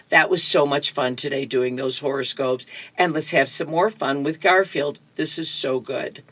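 A woman's voice: extremely low pitch, measured pace, fairly bright tone, dry recording. A woman reader on a radio reading service, reading comics with chatty, amused asides. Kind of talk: reading comics and horoscopes aloud.

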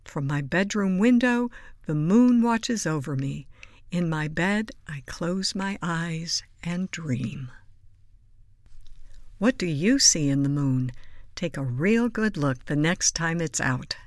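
A woman reading children's picture books aloud in a gentle, soothing storybook voice, sometimes dropping to a whisper. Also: on the low side, animated, dry recording. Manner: soft, slow and soothing, dropping to a whisper at times. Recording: dry close mic with faint music behind.

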